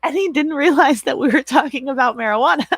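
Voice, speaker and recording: A woman's voice: high-pitched, fairly quick, no echo. A woman in her thirties hosting a livestream, chatting casually with viewers, rambling and laughing often, with some swearing. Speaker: livestream host and moderator.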